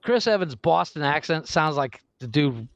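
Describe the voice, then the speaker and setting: Animated man on a dry mic. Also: on the high side, moderate pace, creaky, dry recording. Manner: animated, laughing, rambling storyteller. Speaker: podcast co-host. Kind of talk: casual chat.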